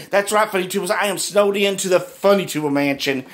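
A middle-aged man, hosting his homemade vlog with loud, excited greetings and rambling chatter. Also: high-pitched, brisk. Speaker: vlogger, channel host.

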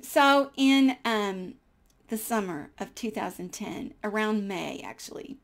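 Woman in her sixties, gravelly storyteller. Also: medium pitch, slow. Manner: animated, drops to whispers for hushed moments; chatty with frequent fillers and small laughs. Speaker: host telling a personal faith story. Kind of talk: personal storytelling.

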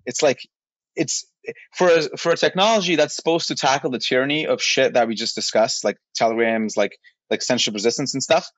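Mid-rant on a casual podcast, this male co-host sounds exasperated and blunt, cursing to drive his argument home. His ordinary-pitched voice is fairly quick and a bit bright, captured in a dry, somewhat muffled lo-fi recording.

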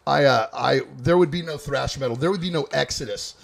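Gravelly-voiced eager male host. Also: medium pitch, fairly quick. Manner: eager, stumbling over words. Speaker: host, thrash metal musician. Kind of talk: interview.

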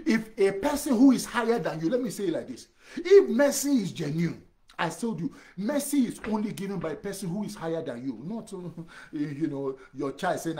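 A man's voice: high-pitched, a little mellow. A man preaching a sermon as pastor, emphatic, repeating phrases and speaking straight to the listener. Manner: direct address to the listener.

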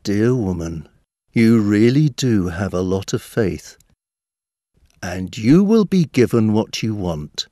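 A man voicing a calm, authoritative male teacher in a scripture reading, measured and even. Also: on the low side, no room sound, studio quality.

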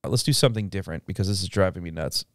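A man's voice: low voice, racing, dry recording, studio quality. A young man co-hosting a casual podcast, joking and laughing often. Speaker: podcast co-host. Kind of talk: casual chat.

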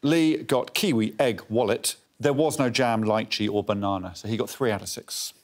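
A man's voice: fairly low pitch, moderate pace, a little hiss or hum. A man acting as a comedy show's assistant, reading out scores and explanations in a dry, matter-of-fact, slightly apologetic way. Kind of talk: deadpan score announcements and studio banter. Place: TV studio with a live audience.

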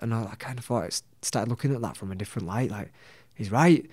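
A man's voice: lowish voice, quick pace, a little mellow, slightly rough, no echo. Man, Leeds accent, young adult, casual storytelling, blunt, heavy swearing, dry close sound. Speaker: boxer, podcast guest.

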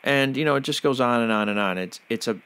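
A man's voice: medium pitch, quick pace, fairly bright tone, smooth. A man hosting a podcast interview, who talks in a fervent, preachy way and often uses religious phrases. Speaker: podcast host.

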